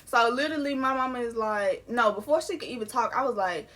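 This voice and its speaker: A woman's voice: a little high, fast talker, hardly any pauses, fairly bright tone. A young adult woman telling a personal story in a casual, candid way, full of slang and swearing. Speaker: vlogger.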